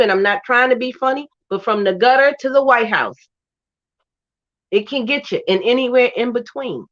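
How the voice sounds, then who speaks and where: Emotional emphatic woman on a video call, a bit high, muffled audio. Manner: emotional, emphatic, preachy urging. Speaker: guest. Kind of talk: casual chat.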